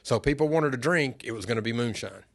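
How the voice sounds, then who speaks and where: A middle-aged man, a podcast guest, telling family stories in an earnest, unhurried way. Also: mid-range voice. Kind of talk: casual storytelling interview.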